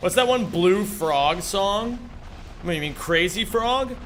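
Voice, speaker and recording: A man's voice: sits high, lively intonation, takes it slowly, fairly bright tone, soft background music. A man speedrunning a game on stream, casually joking and swearing as he chats with viewers. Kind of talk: casual gaming commentary.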